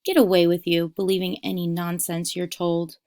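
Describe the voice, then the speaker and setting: A woman's voice: lowish voice, expressive, measured pace, gravelly, darkish tone, no echo. A woman teacher reading aloud as a scornful, grumbling working mother who sneers at her daughter. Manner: sneering, dismissive. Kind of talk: read-aloud storytelling.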